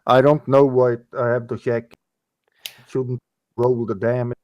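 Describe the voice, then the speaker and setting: A man's voice: medium pitch, little pitch movement, a little slow, a little mellow, dry recording. A man taking his turn in a casual tabletop game, hesitant and thinking aloud. His voice comes through a dull, muffled lo-fi chat line. It sounds dry and close. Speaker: player.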